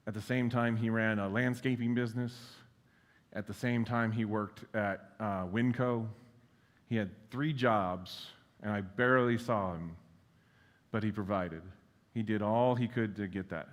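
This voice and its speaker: A man's voice: lowish voice, steady tone, unhurried. A man giving a conference keynote in a casual, self-deprecating way, with lots of fillers and blunt swearing. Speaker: keynote speaker. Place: large conference hall. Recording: long reverb of a large hall.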